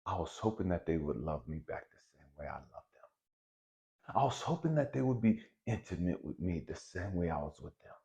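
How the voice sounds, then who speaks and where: A man giving a blunt, profane, preachy motivational spiritual talk, swinging between loud emphasis and hushed lines. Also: deep voice, very animated, moderate pace, creaky. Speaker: spiritual video host.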